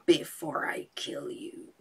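A woman's voice: slow, a little mellow, in a whisper, close to an everyday voice. A woman putting on a haughty giant genie. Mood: menacing.

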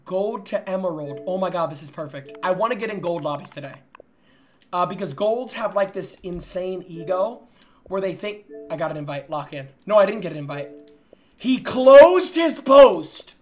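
A young man hosting his own gaming channel in casual, excitable commentary, bursting into loud shouts. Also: sits high, fairly quick, slight background noise. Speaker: gaming streamer, host.

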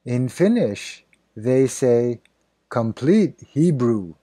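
Slow, deliberate man with a dark voice. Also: mid-range voice, big pitch swings, dry recording. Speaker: idiom teacher. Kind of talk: scripted narration.

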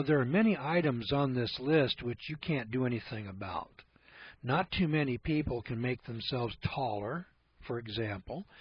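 Husky man giving a folksy talk. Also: medium pitch. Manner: folksy and rambling, with rhetorical questions. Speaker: speaker on privacy. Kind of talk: informal lecture. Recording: dull lo-fi recording.

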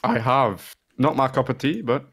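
Scottish male co-host, jokey and sweary, mid pitch. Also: normal speed, fairly bright tone, husky. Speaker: podcast co-host. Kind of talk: casual gaming chat.

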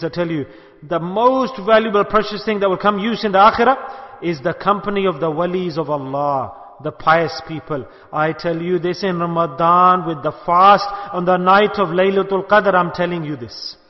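High-voiced man preaching in a reverberant hall. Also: normal speed. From United Kingdom. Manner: storytelling, acts out quoted speech, exhorting. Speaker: Sufi sheikh giving a talk. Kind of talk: sermon. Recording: long reverb, dull lo-fi sound.

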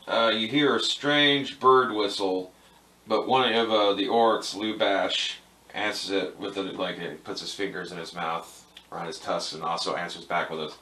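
A young man narrating as game master of a tabletop game in a relaxed, rambling way with many fillers. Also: deep voice, slight background noise.

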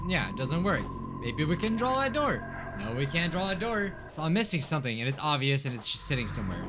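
A man playing a horror game and commenting as he goes, thinking aloud and getting loudly frustrated. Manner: excitable, thinks aloud, swings between mutters and high yelps of frustration. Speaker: gaming YouTuber. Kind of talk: let's play commentary.

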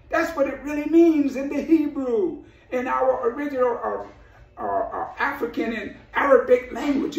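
A man's voice: very high voice, reverberant, far from the mic, rough recording. A man preaching a sermon, urging his listeners with repeated phrases and quoted scripture.

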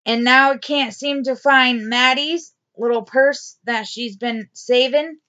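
A woman's voice: sits high, fairly even intonation, slow pace, bright, forceful tone. A woman reading her own diary entry aloud in a personal vlog, angry and emphatic, repeating herself. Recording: dull lo-fi sound.

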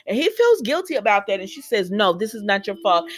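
A woman hosts a casual recap video. She retells each scene in a loose, chatty way, slipping into quick quoted voices. Sassy asides to her viewers keep breaking into the story. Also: mid-range voice, animated, a bit bright. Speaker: soap opera recap host.

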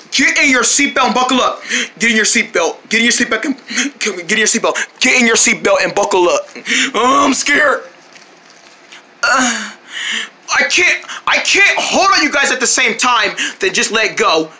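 A woman playing out a pretend story with toys, acting every character with dramatic shouting and quick voice switches. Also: a little high. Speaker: toy play narrator voicing all characters. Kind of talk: improvised toy play-acting.

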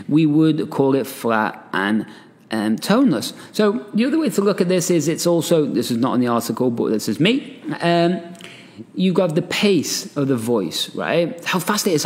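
Brief: a male podcast host with a higher-pitched voice, animated and conversational, in a room with long reverb. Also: moderate pace. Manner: animated, chatty, laughs often, asides with "right?". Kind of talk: solo podcast talk, reading an article aloud.

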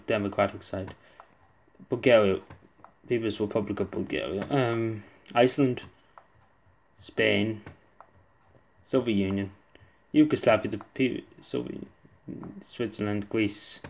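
A man's voice: fairly low pitch, gravelly, darkish tone. Muttering young man playing a quiz. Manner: muttering, self-deprecating, swearing under his breath. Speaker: gaming video creator. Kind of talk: casual gameplay commentary.

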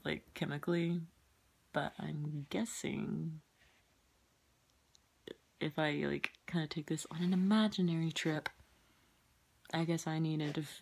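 A woman's voice: low-pitched, gravelly. A young woman vlogging casually late at night, rambling, giggling and swearing, often dropping into whispers.

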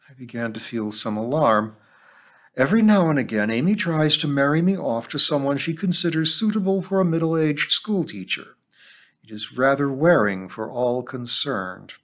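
Read as a man hosting a book reading: keep the pitch moving and lively, at an ordinary middle pitch, telling the story with expression. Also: normal speed. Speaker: host reading a novel aloud. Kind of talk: reading a novel aloud.

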